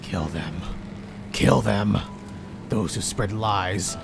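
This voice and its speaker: A man voicing a vengeful male spirit in a horror game, speaking slowly and low with menace. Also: vocal fry, over music, exaggerated voice. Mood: menacing. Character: vengeful murderous spirit, male, full of resentment.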